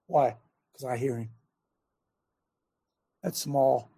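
Preaching to a gathering of men, a husky-voiced man reads scripture, shifting between loud, urgent exhortations and hushed near-whispers. His voice is high-pitched, his speed is normal, and he leaves long pauses.

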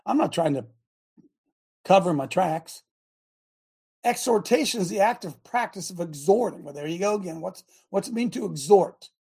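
A woman hosting a talk show, talking in an emphatic, rambling way, breaking off her own sentences and bursting into shouts. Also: on the low side, expressive, normal speed, husky. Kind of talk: animated talk show monologue.

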